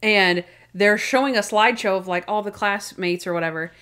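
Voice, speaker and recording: A woman co-hosting a casual podcast, chatting about favorite TV scenes. She tells them in an animated way and slips into the characters' voices for the quoted lines. Her pitch sits in a middle range. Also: a little fast, clean tone. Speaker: podcast co-host. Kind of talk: casual chat recapping TV episodes.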